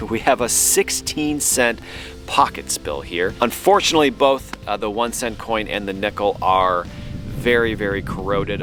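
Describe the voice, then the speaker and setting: A man hosting an outdoor metal detecting vlog on a lake beach, explaining his finds with enthusiasm. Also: lowish voice. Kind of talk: casual outdoor vlog narration. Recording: background music under the voice.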